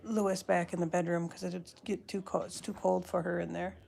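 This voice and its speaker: A woman's voice: fairly low pitch, flat delivery, brisk, vocal fry, darkish tone. A woman hosting a casual live stream from home, rambling, breaking off mid-word and talking to her pets. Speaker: live-stream host chatting with viewers.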